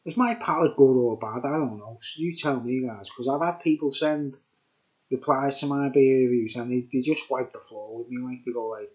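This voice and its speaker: Birkenhead Scouse bloke, chatty beer vlogger, rambles on, mid-pitched, dull lo-fi sound. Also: male voice, normal speed. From Birkenhead, England. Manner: rambling, repeats "you know what I mean". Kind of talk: rambling casual vlog chat.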